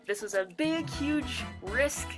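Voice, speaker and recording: A young woman vlogging at home late at night, chatty, excitable and giggly. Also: high voice, slow pace, music in the background. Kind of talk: casual vlog.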